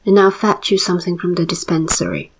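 A woman reading the lines of an irritable, tense colonial official in a breathy whisper, speaking curtly. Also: sits high, fairly even intonation, fairly quick. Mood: strained. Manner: curt, sharp.

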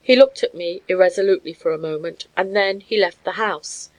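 A woman reading a story aloud as an audiobook narrator, measured and even. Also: fairly low pitch, poor audio. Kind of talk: scripted narration.

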